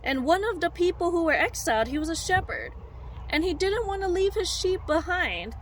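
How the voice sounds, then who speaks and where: Brief: woman preacher, high voice, animated heartfelt sermon storytelling. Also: normal speed, a little hiss or hum. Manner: animated, heartfelt, direct to listeners.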